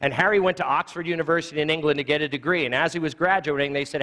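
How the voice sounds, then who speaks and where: A man in his forties teaching an evangelism class in a church, a quick, jokey storyteller who acts out the dialogue in his stories. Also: a little high, fairly bright tone. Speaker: lay evangelism trainer. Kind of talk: live teaching talk with humorous stories. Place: church sanctuary. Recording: long church reverb.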